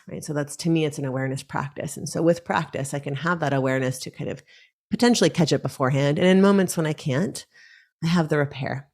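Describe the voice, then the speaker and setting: A woman in her thirties speaking calmly and reflectively as a guest on a podcast interview. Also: deep voice. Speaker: guest, breathwork teacher.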